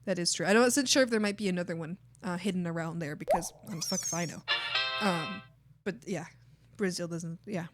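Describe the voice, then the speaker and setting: A woman streamer in casual livestream chat, rambling and thinking aloud to her chat, swearing freely and breaking into excited exclamations. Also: lowish voice, brisk, faint music behind. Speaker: art streamer.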